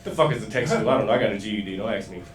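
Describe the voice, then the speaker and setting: A man's voice: lowish voice, animated, racing, reverberant, far from the mic. A man doing a stand-up comedy set, rambling and profane with laughing asides.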